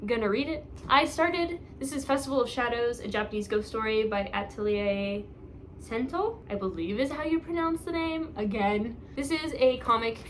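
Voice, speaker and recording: A young woman talks through her book stack in a chatty, rambling way, laughing at her own slips. Her voice sits a little high, with a faint hiss of noise behind it. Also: normal speed. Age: young adult. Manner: chatty, rambling, self-mocking, many fillers. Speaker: book vlogger. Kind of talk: casual chat.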